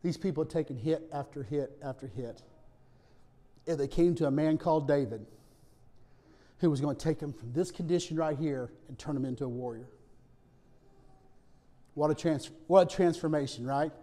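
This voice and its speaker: Man, pastor, sermon, conversational, hushed at serious points, warm mellow tone. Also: a little high, normal speed, long pauses. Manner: conversational preaching, frequent "okay?" checks; storytelling with rising emphasis, softening to hushed tones.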